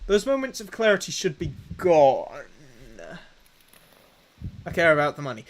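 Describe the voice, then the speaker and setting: High-voiced excitable young man gaming. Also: unhurried, long pauses. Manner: excitable, playfully boastful, thinks aloud. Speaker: gaming streamer. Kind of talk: live game commentary to chat.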